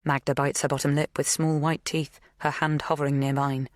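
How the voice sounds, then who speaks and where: A woman narrating an audiobook thriller in a measured, even scripted delivery. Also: low voice, no echo, studio quality.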